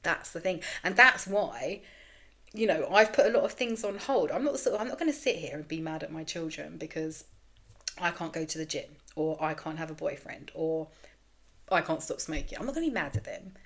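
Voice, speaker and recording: A woman's voice: low-pitched, lively intonation, a little fast, fairly bright tone. A woman in her thirties hosting a candid solo podcast, rambling frankly and self-deprecatingly, swearing freely. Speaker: podcast host.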